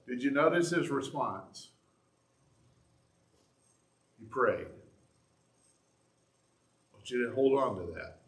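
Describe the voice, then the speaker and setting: A pastor with a medium-pitched, slightly bright voice preaches a sermon in an echoey church sanctuary. His style is conversational, full of asides and restarts.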